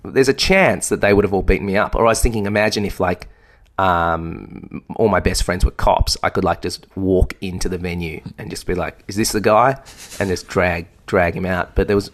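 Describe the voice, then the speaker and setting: Man, lowish voice, casual rambling storytelling, self-deprecating. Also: steady tone, moderate pace. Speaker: podcast co-host.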